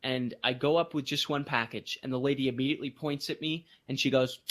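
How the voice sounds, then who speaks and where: A man co-hosting a podcast, telling a story in casual chat and jumping into high voices for emphasis. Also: a little fast. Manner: animated storytelling, voices others in bursts of high pitch. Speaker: podcast co-host.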